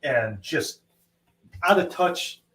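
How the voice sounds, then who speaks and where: A man's voice: fairly high pitch, expressive, very slow, fairly bright tone. A man co-hosting a livestream over a video call, ranting bluntly and with exasperation. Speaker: co-host. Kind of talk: casual livestream chat. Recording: echoey distant call audio, faint noise.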